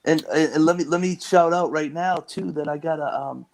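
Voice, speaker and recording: A man's voice: on the high side, moderate pace, creaky, poor audio. A man with a thick Boston accent, a guest musician talking casually, rambling and laughing easily. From Lowell, Massachusetts. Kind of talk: casual chat.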